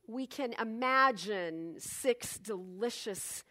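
Slow, high-voiced woman preaching earnestly. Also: lively intonation, pushed and bright. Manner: reflective, earnest, with emphatic swells. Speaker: speaker giving a morning spiritual talk. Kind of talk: inspirational sermon.

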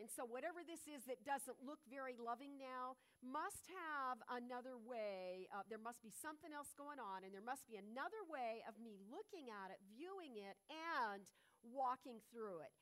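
A woman's voice: a little high, lively intonation, moderate pace, hardly any pauses, a bit bright. Rambling woman giving an inspirational talk. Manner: meandering, many fillers and restarts.

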